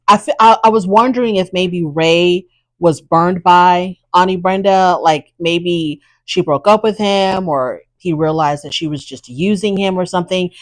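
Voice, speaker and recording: A woman's voice: lowish voice, no room sound, poor audio. A woman hosting a casual TV recap, chatty and opinionated with sassy asides. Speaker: reality TV recap host.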